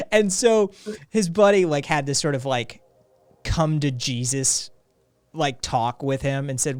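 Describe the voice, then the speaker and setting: On a livestream, a podcast co-host rambles through a long anecdote, acting out quotes and using frequent fillers, with faint music in the background. His voice is fairly high and smooth, slow with frequent pauses, and has no room sound.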